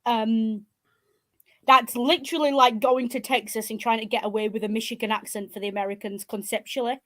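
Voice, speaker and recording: A woman, co-hosting a casual podcast chat in a blunt, animated, sweary way. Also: on the high side, a little fast. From northern England. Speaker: podcast co-host.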